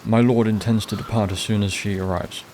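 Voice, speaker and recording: A man voicing a nobleman's male servant in a game, speaking in a measured, courteous, formal way. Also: fairly low pitch, fairly even intonation, a little mellow, a little hiss or hum, lightly acted.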